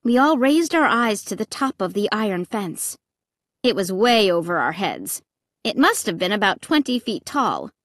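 A woman reading a children's horror story aloud with expressive, dramatic narration. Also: mid-range voice, moderate pace, no room sound, studio quality.

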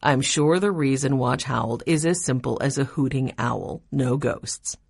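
Woman putting on a low soft-spoken old grandpa, husky, calm, storybook style. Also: unhurried, full character voice. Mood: reassuring.

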